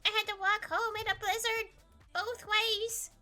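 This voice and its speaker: A woman's voice: extremely high pitch, little pitch movement, measured pace, pushed and bright, soft background music, voice pushed up, full character voice. A woman voicing a cranky old grandparent who boasts and scolds with exaggerated tall tales. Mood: boastful.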